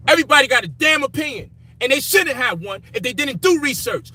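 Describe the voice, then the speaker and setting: A man's voice: extremely high pitch, animated, brisk, bright, forceful tone, breathy edge. A man ranting in frustration, profane and emphatic, with faint background noise. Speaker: commentator. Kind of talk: frustrated personal rant.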